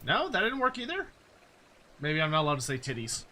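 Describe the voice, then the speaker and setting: A man's voice: on the high side, huge pitch swings, fairly quick, bright, forceful tone. A man streaming a game, chatting casually and joking, often stopping and restarting his sentences. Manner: rambling, joking, self-interrupting. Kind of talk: casual gaming commentary. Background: game music.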